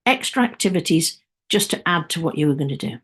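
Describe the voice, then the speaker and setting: Lively woman teacher demonstrating voice. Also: low-pitched, fast, husky. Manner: chatty and demonstrative, breaks into sung and whispered examples. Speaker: music teacher presenting a webinar. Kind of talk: teacher webinar talk.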